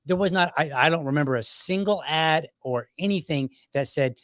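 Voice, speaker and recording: A woman's voice: sits low, normal speed, no echo, studio quality. A woman speaking as a guest on a live panel discussion, conversational, often asking rhetorical questions.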